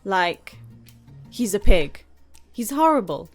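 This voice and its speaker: A woman's voice: medium pitch, sing-song, slow, soft background music. British woman, casual reaction host, blunt and sarcastic, filler-heavy rant, mid-range voice. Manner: frank, sarcastic ranting with many "like"s.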